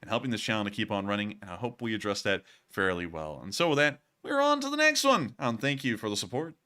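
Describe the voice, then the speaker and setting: A man's voice: on the low side, fast talker, bright, forceful tone. A man hosting a live stream, chatting casually in a rambling, wry way with lots of fillers. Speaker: host of a war news live stream.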